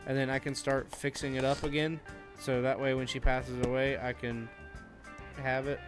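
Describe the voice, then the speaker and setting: A man's voice: mid-range voice, level tone, moderate pace, over music. A young man from Florida co-hosting a podcast, chatting casually, crude and joking, laughing often. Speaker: podcast co-host. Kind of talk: casual chat.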